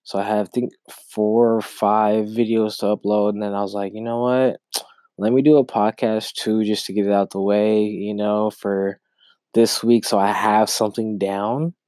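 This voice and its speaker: A man's voice: fairly low pitch, little pitch movement, moderate pace, dark tone, no echo. A young man hosting a podcast alone, telling a rambling, casual story and often repeating himself. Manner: rambling, repeats words while recounting a story. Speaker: podcast host.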